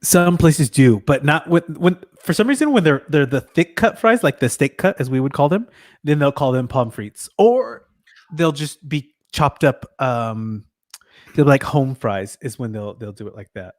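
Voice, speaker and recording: A man's voice: medium pitch, animated, normal speed, dry recording, clean studio sound. A man co-hosting a live show in casual, playful banter, joking and laughing often. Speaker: co-host.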